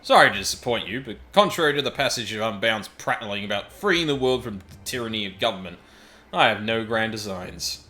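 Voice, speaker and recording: Scornful game villain, smooth and mocking, bright voice read by a man. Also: on the low side, animated, brisk, soft background music, voice pushed up. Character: sneering male villain who exposes people's true faces. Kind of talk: reading game dialogue aloud in voices.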